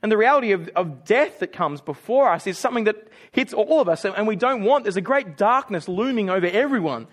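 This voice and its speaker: A man's voice: high voice, lively intonation, fairly quick, hardly any pauses. A middle-aged man preaching a sermon in a conversational way with self-deprecating humor.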